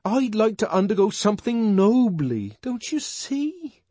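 A man's voice: sits high, sing-song, unhurried, dark tone, dry recording, pitched above the performer's own voice, exaggerated voice. A man voicing a desperate, lovesick young man in an audiobook, pleading in strained poetic outbursts. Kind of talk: audiobook character voice.

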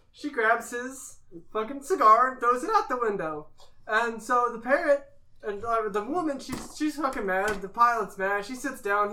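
Bright-voiced tipsy woman telling jokes. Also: fairly high pitch, a little hiss or hum. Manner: animated, swears freely, tipsy. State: drunk. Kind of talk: casual joke telling among friends.

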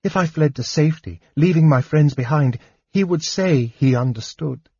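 A man's voice: fairly high pitch, moderate pace, darkish tone, husky, no echo, dull audio, pitched above the performer's own voice. Determined young woman warrior, as a man reads her. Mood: earnest.

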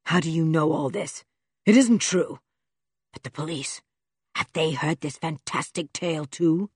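A woman's voice: deep voice, expressive, unhurried, a little mellow, breathy edge, no room sound, clean studio sound, voice pushed down, exaggerated voice. A woman doing a mad red-bearded villain. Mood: panicked. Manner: snarling, commanding.

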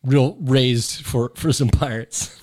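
A man's voice: medium pitch, a little mellow. Man rambling in comedy chat. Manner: rambling, halting. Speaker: podcast panelist.

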